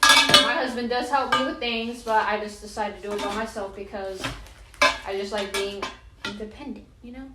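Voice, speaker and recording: At home, a young vlogger assembles something while talking to the camera, blunt and chatty, swearing freely, muttering to herself and a bit out of breath. Her medium-pitched voice is fairly even at normal speed. The echoey room and distant mic leave heavy background noise.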